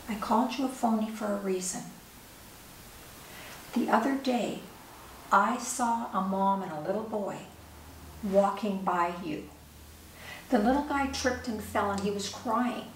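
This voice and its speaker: Brief: middle-aged woman speaker, measured and earnest storytelling; distant mic, roomy echo, faint hiss. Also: mid-range voice. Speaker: author and speaker. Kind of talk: personal storytelling talk.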